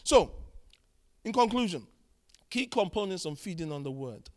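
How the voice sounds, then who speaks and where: A man preaching a sermon, emphatic and animated, telling stories and repeating key phrases. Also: high voice, normal speed. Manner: animated storytelling, acting out dialogue.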